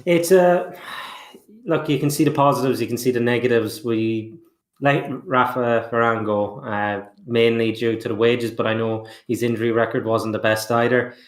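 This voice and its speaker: A male guest on a football fan show, relaxed and laughing often. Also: mid-range voice, normal speed. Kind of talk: casual chat. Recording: echoey room.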